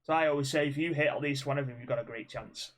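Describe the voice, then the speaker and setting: A man's voice: medium pitch, fast talker. A young man co-hosting a podcast, swearing freely and acting out quotes in his stories. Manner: swearing storyteller, acts out quotes with laughs. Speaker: podcast co-host. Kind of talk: casual chat.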